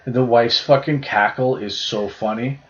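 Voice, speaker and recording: A man's voice: mid-range voice, fairly even intonation, measured pace, a bit bright. Young man rambling, swearing, lo-fi sound. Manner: rambling storyteller, heavy swearing. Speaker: podcast co-host. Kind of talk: casual chat. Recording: dull lo-fi podcast sound.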